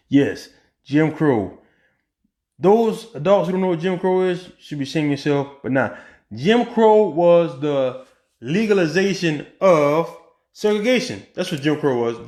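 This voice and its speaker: A man's voice: on the high side, roomy sound. A man giving a casual opinion monologue on a political commentary podcast, asking rhetorical questions and often restarting his sentences with ums.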